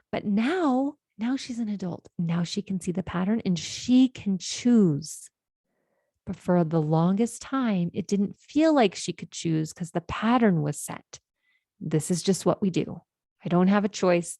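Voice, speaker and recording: A woman's voice: mid-range voice, vocal fry, darkish tone, no room sound, studio quality. A woman life coach hosting a podcast, explaining ideas in an earnest, conversational monologue and often checking in with "right?".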